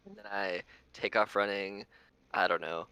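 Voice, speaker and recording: A man's voice: lowish voice, fairly even intonation, normal speed, sharp tone, smooth, poor audio. A man in a goofy, laughing mood describing his moves in casual tabletop game chat. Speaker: player.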